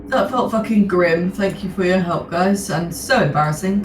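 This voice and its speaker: Woman, echoey far-off mic. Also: mid-range voice. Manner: chatty, fast bursts with ums. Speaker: player. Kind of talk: tabletop game chat. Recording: roomy echo, far from mic, noisy.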